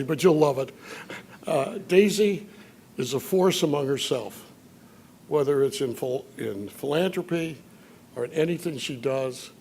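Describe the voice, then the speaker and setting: An older man from Chicago giving an after-dinner speech, telling anecdotes with dry humor and filler pauses. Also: on the high side, creaky, mellow, a little hiss or hum. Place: banquet hall at a dinner event.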